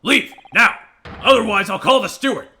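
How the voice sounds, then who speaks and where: Gruff older man, curt, loud outbursts, lively pitch, streamer's voice. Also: normal speed. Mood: hostile. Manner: curt, shouting. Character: gruff hostile older male passenger. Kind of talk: voicing game dialogue on a stream.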